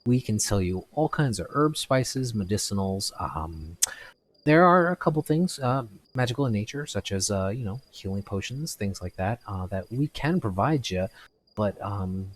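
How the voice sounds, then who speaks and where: A man's voice: on the low side, animated, moderate pace. A man voicing a polite, flustered human shopkeeper who stammers and apologizes in a tabletop game. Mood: helpful.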